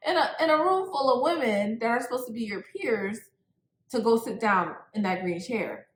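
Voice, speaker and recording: A woman co-hosting a casual recap chat about a reality show, emphatic and animated, often saying "like". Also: on the high side, moderate pace. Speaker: co-host. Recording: echoey room.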